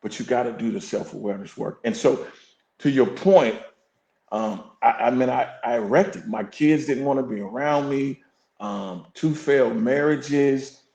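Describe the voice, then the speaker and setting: A man's voice: mid-range voice, unhurried, creaky, darkish tone. Earnest man in a roomy studio. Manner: earnest, reflective, preacher-like emphasis. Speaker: podcast guest, fire captain and coach. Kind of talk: candid interview talk. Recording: roomy echo.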